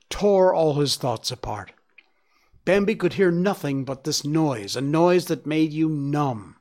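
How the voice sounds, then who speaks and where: Brief: a man narrating a storybook, slow and measured, dramatic with hushed moments. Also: a little high. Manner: measured, dramatic, drops to a hush. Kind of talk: storybook reading.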